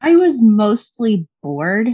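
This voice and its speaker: A woman appearing as a podcast guest, giving her opinion in a measured, thoughtful way. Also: mid-range voice, big pitch swings, mellow, slightly rough, muffled recording. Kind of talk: casual podcast chat.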